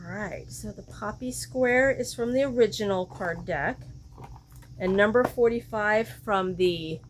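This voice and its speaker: A woman's voice: medium pitch, a little hiss or hum. A woman hosting a crochet vlog, chatting casually and thinking aloud, often questioning herself mid-sentence. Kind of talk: casual show-and-tell chat.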